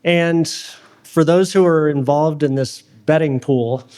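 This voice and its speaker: Middle-aged father of the bride, slightly high voice. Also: takes it slowly, darkish tone, clean tone. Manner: emotional, self-deprecating, stumbling. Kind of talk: wedding toast speech.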